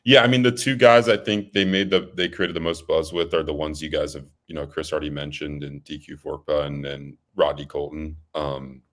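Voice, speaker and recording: A young man with a very deep voice co-hosts a sports podcast in casual chat. He talks in a loose, laid-back way, full of fillers and restarts. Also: level tone, normal speed, few pauses, a bit bright. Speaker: co-host.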